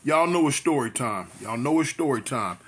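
Telling a storytime monologue to his channel, a South Central Los Angeles man in his fifties chats along with repetitions and street slang. He speaks animatedly at a moderate pace in a medium pitch, over slight background noise.

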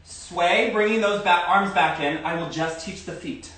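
Male dance teacher, live-streamed class, counts steps, chatty asides, slightly high voice, distant phone mic in a very echoey room. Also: a little slow, fairly bright tone, slight background noise.

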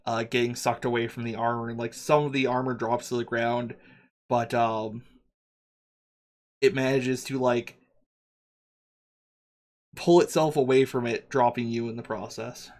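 A man's voice: mid-range voice, steady tone, a little slow, long pauses. A man narrating a tabletop game as game master, rambling with many fillers and restarts.

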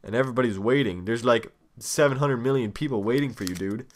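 A man's voice: medium pitch, quick pace. Impatient young man narrating a card game. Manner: impatient, teasing, rambling. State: eating chocolate while talking. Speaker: let's play host. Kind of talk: casual gaming commentary.

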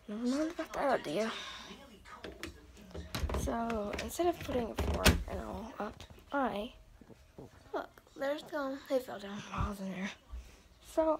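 A woman chatting casually in a home vlog, rambling and often dropping into a hushed whisper. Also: a little high. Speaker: vlogger. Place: home bedroom. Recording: noisy home recording with clicks.

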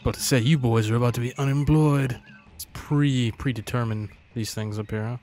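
A man's voice: medium pitch, steady tone, moderate pace, a little mellow. A man rambles through a city-building game in casual commentary, swearing freely and heckling the little townsfolk. His tone is sarcastic and loose. Faint game music plays underneath. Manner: profane, sarcastic, talks to game characters. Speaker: gaming channel host.

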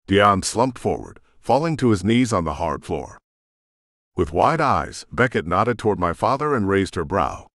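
A man's voice: deep voice, big pitch swings, measured pace, fairly bright tone, no echo, studio quality. A man narrating a first-person audiobook with tense, emotional storytelling.

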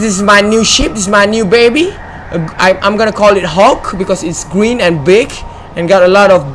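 A man's voice: sits high, a little hiss or hum. Playful, chatty man narrating gameplay. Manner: playful, chatty, joking, apologizes to game objects. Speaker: gamer and channel host. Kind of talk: casual let's-play commentary.

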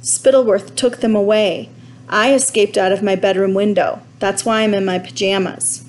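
A woman voicing a frightened, tearful boy who pleads in a high, sobbing voice for a storybook reading. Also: fairly even intonation, moderate pace, a little hiss or hum, lightly acted, poor audio. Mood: sullen.

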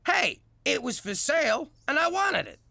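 A gravelly blustering mob dad. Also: male voice, extremely high pitch, huge pitch swings, moderate pace, dry recording, exaggerated voice. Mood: pleading. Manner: gruff, exasperated, prone to yelling. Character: blustery mob-guy dad, soft on his daughter. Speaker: strip club owner and father. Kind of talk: adult cartoon voice acting.

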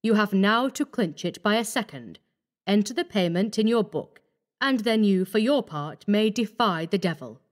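Woman voicing a calm scheming young doctor. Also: mid-range voice, normal speed, lightly acted. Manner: calm, coaxing, menacing.

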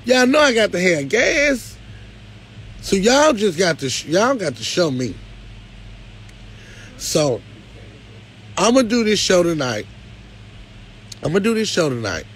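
A man hosting a live stream, talking casually, pleading one moment and loudly complaining the next. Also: high-pitched, a little hiss or hum. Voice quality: animated, swings from pleading to loud complaint. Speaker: live show host.

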